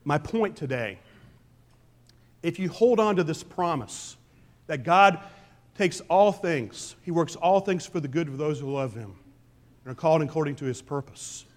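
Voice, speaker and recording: A pastor preaching a conversational sermon, swinging between loud emphasis and quiet asides. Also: male voice, fairly high pitch, expressive, measured pace, long pauses. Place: church sanctuary.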